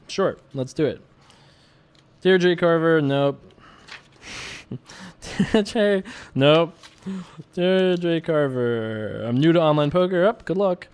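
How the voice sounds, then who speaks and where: Chatty young man with a smooth voice. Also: on the high side, a little mellow. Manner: chatty, joking, self-mocking. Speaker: poker player and show host. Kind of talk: casual commentary while playing online poker.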